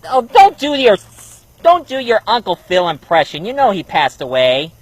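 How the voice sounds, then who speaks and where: A man hosts a comic review sketch in a lively, animated voice. He speaks a little high and sounds exasperated as he banters. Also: moderate pace, poor audio. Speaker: host, reviewer.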